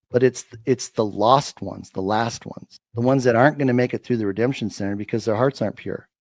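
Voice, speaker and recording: Man, emphatic preacher cadence, mid-pitched voice, dry close sound. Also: darkish tone, dry recording. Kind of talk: preachy faith-filled commentary.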